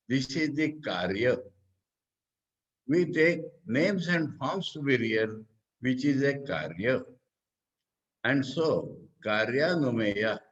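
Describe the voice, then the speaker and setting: A man with an Indian English accent, a monk and teacher giving a spiritual discourse on scripture. He explains slowly, asking questions and then answering them himself. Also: medium pitch, highs cut off.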